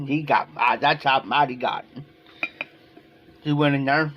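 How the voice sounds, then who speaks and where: A man's voice: on the high side, steady tone, slow pace, muffled recording. A man from Ohio telling a long personal story on a live stream, rambling and repeating "I said" as he goes. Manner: rambling, repeats "I said" between quoted lines. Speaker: livestream host.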